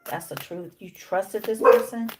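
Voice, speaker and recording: A woman's voice: mid-range voice, a little slow, darkish tone, a little hiss or hum. Woman giving an emphatic tarot reading. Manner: drops in Spanish slang words; acts out imagined dialogue of the cards' figures. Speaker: tarot reader. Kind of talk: casual tarot reading to camera.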